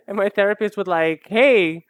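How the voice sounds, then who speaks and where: Casual art streamer, rambles and laughs at themself; mid-pitched, crisp, dry close sound. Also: no room sound. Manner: rambling and self-deprecating, with frequent laughs and restarts. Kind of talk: casual live-stream chat while drawing.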